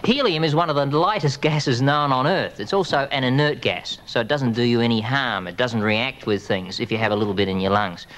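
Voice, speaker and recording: A man, presenting a science show and calmly explaining to viewers. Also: medium pitch, fairly quick, few pauses. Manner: calm, clear explaining to viewers. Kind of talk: educational TV explanation.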